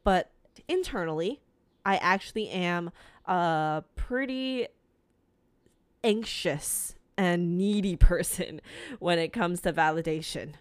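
Young woman podcasting, slow and low-ish voice, swears a lot, laughs a bunch, dry close mic. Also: clear, resonant tone, dry recording. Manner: candid, profane, laughs often. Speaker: podcast host. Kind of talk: casual confessional monologue.

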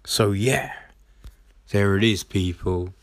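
A man's voice: on the low side, takes it slowly, dry recording. A man giving a casual, rambling film recap with many fillers and restarts. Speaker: film reviewer.

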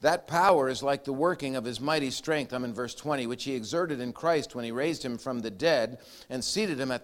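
A middle-aged man preaching a sermon, acting out voices and quotes, shifting from loud commands to near whispers. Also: on the high side. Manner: animated preaching, acts out quotes, growls and laughs. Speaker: pastor.

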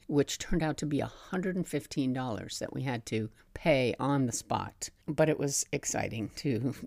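A woman's voice: rumbling low, gravelly, darkish tone, no echo, studio quality. A middle-aged woman hosting a podcast, telling personal travel stories in a chatty way with frequent laughs and asides. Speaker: podcast host. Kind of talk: personal travel memoir storytelling.

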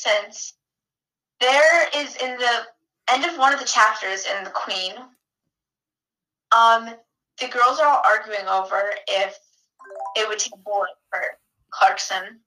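Young woman, fairly high and very bright, casual book chat, chatty with fillers. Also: measured pace, long pauses, rough recording. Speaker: book discussion co-host. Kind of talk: casual chat retelling a novel.

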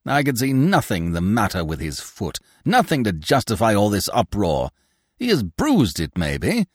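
A fat, sour old theatre boss, put on by a male storyteller, pompous and blustering. His voice swings widely in pitch and sits close and dry. He scoffs at everyone around him. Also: huge pitch swings, normal speed, breathy edge, dry recording, heavily acted. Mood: dismissive. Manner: blustering, scornful.

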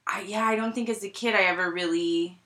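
A woman's voice: medium pitch, steady tone, fairly quick, pushed and bright. A woman co-hosting a casual movie-discussion podcast, rambling with lots of fillers and frequent laughs. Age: adult. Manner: giggly. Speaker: podcast co-host. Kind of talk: casual chat about movies.

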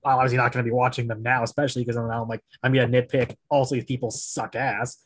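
Husky man in a dry, close sound. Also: mid-range voice, little pitch movement, fast talker, dry recording, poor audio. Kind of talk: casual podcast chat.

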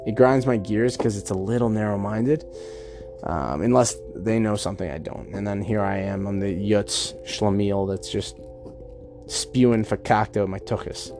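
A man's voice: fairly low pitch, normal speed, over music. A man hosting a casual self-help monologue, chatty and reflective, often acting out imagined dialogue. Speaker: podcast host.

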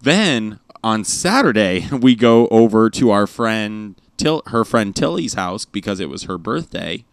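A man's voice: lowish voice, very animated, measured pace, vocal fry, few pauses, no echo. A man, a father and podcast host, telling casual family stories in a rambling way, full of fillers and restarts, recorded close on a microphone. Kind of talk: casual storytelling chat. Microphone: studio microphone with headphones.

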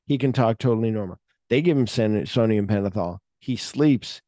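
A man co-hosts a casual film podcast with a fairly low, mellow voice recorded dry and close. He retells scenes animatedly, voicing the characters and humming the music cues. He swears freely as he goes. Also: normal speed, no room sound. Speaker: podcast co-host.

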